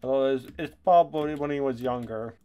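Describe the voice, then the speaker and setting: Casual gaming commentator, male, mid-pitched, excitable and loose, laughs and curses a lot. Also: moderate pace, clean tone. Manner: excitable, laughs and swears often. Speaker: gaming YouTuber.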